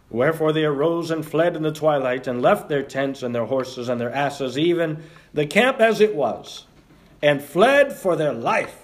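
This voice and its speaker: Pastor, man, sermon, joking and animated, voice a bit high. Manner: jokey, animated, reads scripture aloud.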